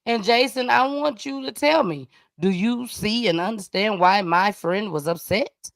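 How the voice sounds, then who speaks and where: A woman's voice: medium pitch, measured pace, vocal fry, no room sound, studio quality. A woman hosting a live stream, giving casual, slangy commentary on news clips and talking directly to her audience.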